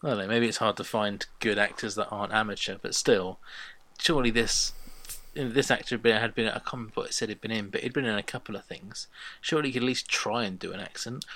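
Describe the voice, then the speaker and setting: A man's voice: on the low side, fast, fairly bright tone. A man co-hosting a podcast, chatting bluntly and opinionatedly about a sitcom. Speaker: podcast co-host reviewing a sitcom. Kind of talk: casual chat.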